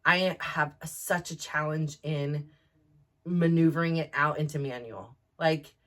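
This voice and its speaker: A woman's voice: sits low, fairly even intonation, unhurried. A woman in her forties hosting a podcast, talking candidly and rambling with many restarts. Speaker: podcast host. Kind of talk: candid personal monologue.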